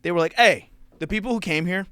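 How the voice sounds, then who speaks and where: A man's voice: sits high, very fast, a bit bright, clear, resonant tone, no room sound. A man hosting a comedy podcast, joking crudely and laughing often in casual chat. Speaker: podcast host.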